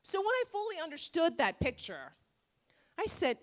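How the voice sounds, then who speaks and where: A woman in her forties, a dentist giving an emphatic, rhetorical motivational speech with dramatic pauses at a gala. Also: extremely high pitch, sing-song. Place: gala event room.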